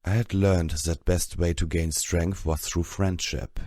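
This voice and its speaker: Man narrating an audiobook, very deep voice, dry close sound, steady pace. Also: unhurried, dry recording. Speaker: audiobook reader. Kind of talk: scripted narration.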